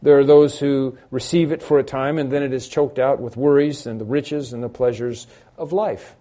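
Man, pastor, sermon, warm mellow voice, conversational, repeats phrases for emphasis. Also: mid-range voice, fairly even intonation, moderate pace. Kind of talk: expository sermon.

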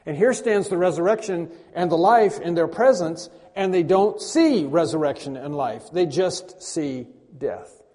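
A male pastor preaches in a large church sanctuary, his voice fairly high for a man yet mellow in tone. Long reverb trails behind each phrase. He leans on repetition and moves between loud emphasis and near-whispered lines. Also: animated, unhurried. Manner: emphatic, repeats key phrases, swings from loud to hushed. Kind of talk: sermon.

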